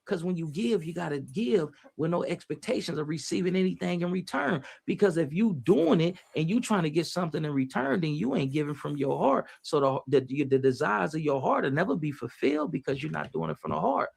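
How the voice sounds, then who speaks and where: A man's voice: a little high, lively intonation, brisk, creaky, hardly any pauses, slightly rough. A man giving casual, preachy motivational talk on a livestream, using street slang and repeating his phrases as he reads the chat.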